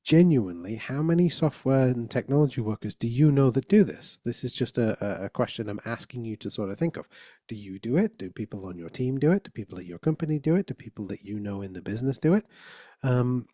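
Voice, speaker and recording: Mellow-voiced man giving a conference talk. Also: medium pitch, lively intonation, fast talker, no echo, studio quality. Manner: conversational, frequent restarts and "right?" tags. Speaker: conference speaker.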